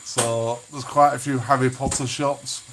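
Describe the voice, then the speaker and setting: A man's voice: medium pitch, little pitch movement, measured pace, over music. A man with a Lancashire accent co-hosting a casual live stream, joking and bantering while baking. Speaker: channel co-host.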